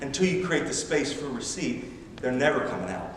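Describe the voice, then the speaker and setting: A man preaching a sermon as a missionary, animated and emphatic, with self-deprecating humor. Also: medium pitch, a little fast, recorded from a distance. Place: large church sanctuary. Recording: echoey church hall from afar.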